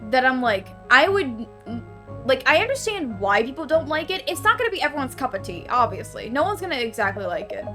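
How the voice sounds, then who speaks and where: A woman's voice: high-pitched, sing-song, a little fast, pushed and bright. A woman streamer talking casually and with strong opinions while she plays, full of "like" fillers. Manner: chatty and opinionated, many "like" fillers. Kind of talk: casual game stream commentary. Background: game music.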